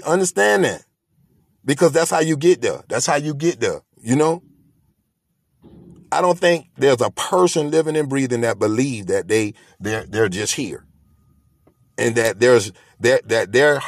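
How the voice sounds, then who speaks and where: A man's voice: medium pitch, vocal fry, no echo. A man hosting a podcast, delivering a motivational monologue in an emphatic, preachy way, repeating his points. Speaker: podcast host.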